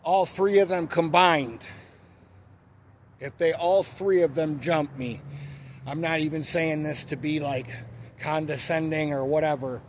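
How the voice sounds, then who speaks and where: A man's voice: fairly high pitch, fairly even intonation, unhurried, a little hiss or hum. A man telling a story in a blunt, profane, ranting way, in a casual monologue. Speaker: vlogger.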